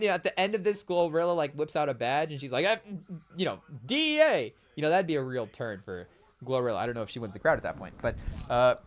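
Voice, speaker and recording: A man hosting a podcast, talking casually and rambling to his chat, searching for words as he goes. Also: high voice. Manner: rambling, with fillers and restarts, addressing the chat. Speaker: podcast host.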